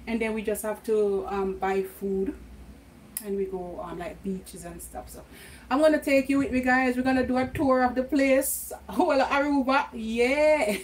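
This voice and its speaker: A woman's voice: on the high side, measured pace, darkish tone, a little hiss or hum, poor audio. A middle-aged Jamaican woman vlogging casually at home, chatty, laughing often and slipping into patois. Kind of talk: casual home vlog chat.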